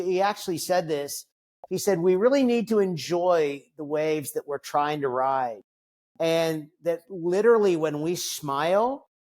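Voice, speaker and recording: A man in his fifties, a podcast guest, talking reflectively in a casual interview, with frequent fillers and restarts. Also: fairly high pitch. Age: 50s.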